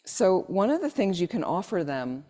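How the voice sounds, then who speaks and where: A woman leads a Buddhist talk for a live group. Her voice sits a little low and sounds warm and relaxed. She tells anecdotes, acts out the people in them, and turns to the room with questions. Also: moderate pace. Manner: asks the audience questions directly. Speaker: Buddhist teacher. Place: meditation centre hall.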